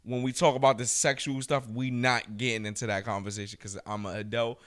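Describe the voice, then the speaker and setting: A man's voice: medium pitch, steady tone, brisk. A man, chatting casually and telling stories in loose, profane slang. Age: 30s. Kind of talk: casual chat.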